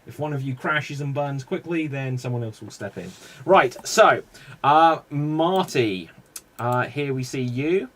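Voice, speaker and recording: A man's voice: medium pitch, measured pace, fairly bright tone. A man with a British accent hosting a live improv comedy show, announcing scenes and explaining game rules in an upbeat way.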